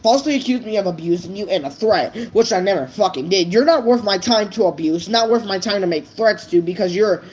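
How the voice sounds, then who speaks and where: A woman's voice: mid-range voice, animated, brisk, hardly any pauses, darkish tone, breathy edge, low-quality recording. Blunt, profane woman vlogger ranting. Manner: blunt, profane, stumbling over words. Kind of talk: unscripted rant to camera.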